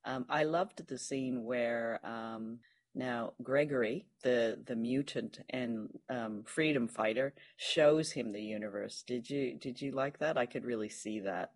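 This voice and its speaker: A man co-hosts a relaxed podcast chat. He talks with eager enthusiasm at a middling pitch and fills his thoughts with ums and small laughs. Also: a little slow. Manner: chatty and enthusiastic, with frequent fillers and laughs. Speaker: podcast co-host. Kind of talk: casual chat reviewing an old radio drama.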